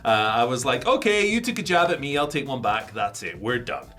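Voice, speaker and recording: Bright-voiced chatty man. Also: mid-range voice, sing-song, brisk, faint music behind. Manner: chatty, rambling, jokey. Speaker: wrestling news co-host. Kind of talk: casual news chat.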